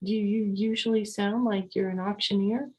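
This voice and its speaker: A woman hosting a podcast, talking calmly and repetitively as she coaches listeners on slowing down and mindfulness. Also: mid-range voice, rough recording. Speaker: podcast host. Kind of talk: calm podcast talk on sleep and mindfulness.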